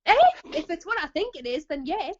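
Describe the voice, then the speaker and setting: A woman's voice: high-pitched, lively intonation, fairly quick, fairly bright tone, lo-fi sound. A woman with a northeast English accent, co-hosting a podcast in chatty, self-mocking video-call talk. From northeast England. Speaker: podcast co-host. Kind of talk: casual video-call chat.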